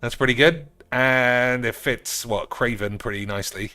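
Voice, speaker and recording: A man casually commenting on cards while streaming a game, sarcastic and crude, swearing often and breaking into loud outbursts. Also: medium pitch, fairly even intonation, moderate pace, clear, resonant tone, no room sound, faint music behind.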